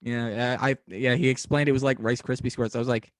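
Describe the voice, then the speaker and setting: A man's voice: mid-range voice, steady tone, fairly quick. A male podcast host chats easily with his guest, laughing often and asking short questions. His voice sounds dry and close to the mic, with no room echo. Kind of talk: casual interview chat.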